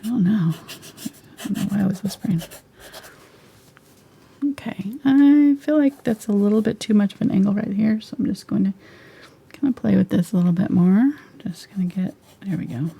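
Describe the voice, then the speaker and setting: A woman giving a live painting lesson, chatty and relaxed, sometimes dropping into soft whispers as she works. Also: medium pitch, moderate pace, creaky, long pauses, slightly rough. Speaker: painting instructor.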